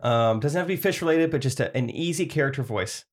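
A man's voice: medium pitch, animated, fast. A young man co-hosting a comedy podcast, teasing dryly in casual chat. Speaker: podcast co-host.

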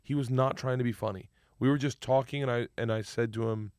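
A man hosting a podcast in casual chat, excitable and swearing, breaking into loud laughter. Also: medium pitch, a little fast, clean tone, no room sound, clean studio sound. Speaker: podcast host.

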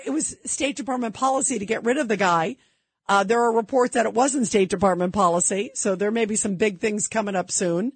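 Husky-voiced woman talk radio host. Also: on the high side, no room sound. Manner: emphatic, indignant, rhetorical questions. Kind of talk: political commentary monologue.

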